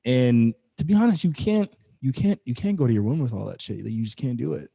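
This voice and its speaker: A man's voice: mid-range voice, expressive, fast, gravelly, warm tone, slightly rough. A man co-hosting a podcast, talking in a loose, rambling way and swearing freely. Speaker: podcast co-host. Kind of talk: casual chat.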